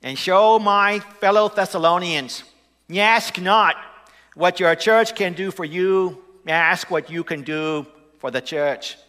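A 1960s president declaims in grand, loud oratory, as a pastor puts him on. The voice is raised high and bright. It rings with the long echo of a big hall. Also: male voice, slow pace, full character voice. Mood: orating. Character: 1960s American president giving a grand speech, man.

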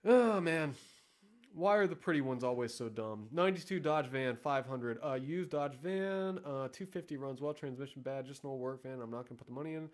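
A man's voice: mid-range voice, brisk. A man giving sarcastic, profane, rambling casual commentary as the host of a vlog. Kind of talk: casual commentary reading ads.

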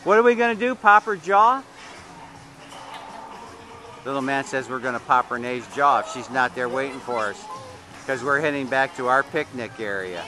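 A man's voice: mid-range voice, animated, moderate pace, long pauses, bright, forceful tone, faint music behind, low-quality recording. A man filming a child at an outdoor water park on a handheld camera, chatting and teasing playfully. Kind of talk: casual home video narration. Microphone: handheld camera mic.

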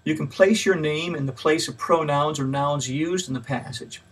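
A man's voice: fairly high pitch, moderate pace, slightly rough, far from the mic. A man giving a mini lecture on Bible study in a plain, patient teaching manner, with frequent fillers and extra stress on each point he lists. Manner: stresses key words when listing points.

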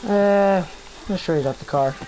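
A man doing loud, taunting commentary while playing a horror game. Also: sits high, moderate pace. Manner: loud, taunting, trash-talking. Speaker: gamer. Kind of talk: gameplay commentary. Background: game music.

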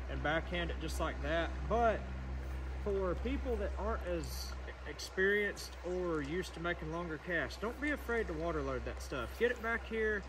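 A man's voice: sits high, background noise. A man giving casual, instructive fly fishing tips out on a stream while he casts. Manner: easygoing, instructive, talks while casting. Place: outdoors wading a stream. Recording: distant outdoor mic with rushing stream. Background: loud flowing water.

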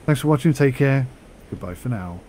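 A man chatting casually on a flight sim vlog, rambling with fillers and pausing through the hiccups. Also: mid-range voice, lively intonation, heavy background noise. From United Kingdom.

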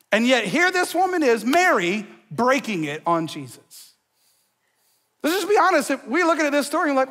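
A man preaching a sermon as a pastor in a church, energetic and joking, talking to the crowd in slang. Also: very high-pitched, moderate pace, big-room sound. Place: church sanctuary.

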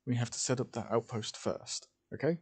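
A man narrating an improvised fan story, halting often and correcting himself as he goes. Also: mid-range voice, slightly rough. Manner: halting, with many fillers and self-corrections.

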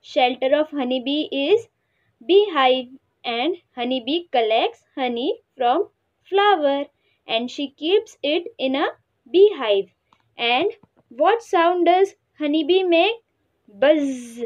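Slow, high-voiced Indian English teacher. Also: female voice, animated, lo-fi sound. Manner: slow, spells words letter by letter, imitates animal sounds. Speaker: schoolteacher. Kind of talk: classroom lesson for young children.

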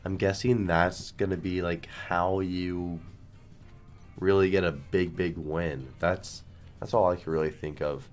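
Deep-voiced sick man streaming slots. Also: fairly even intonation, unhurried, faint music behind. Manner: rambling, self-deprecating, lots of restarts. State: sick, coughing. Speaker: slot streamer. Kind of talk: casual gambling stream commentary.

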